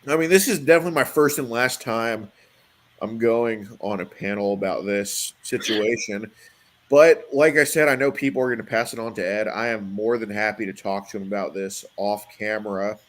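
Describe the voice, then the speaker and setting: A man's voice: lowish voice, normal speed. A young man on a casual online panel, talking with lots of restarts and swearing. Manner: hesitant, swearing, frequent restarts. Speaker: panel guest.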